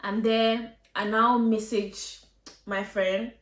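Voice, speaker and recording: A woman's voice: fairly high pitch, flat delivery, slow, echoey room. A woman vlogger telling a story time with emotion, acting out her own quoted lines and at times getting teary. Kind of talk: storytime vlog.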